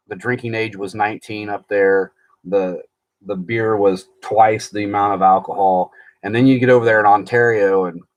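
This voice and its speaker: A man chatting casually on a live stream about his baseball card collection, answering viewers' comments as he goes. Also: fairly low pitch. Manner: rambling, chatty, reads viewer comments aloud.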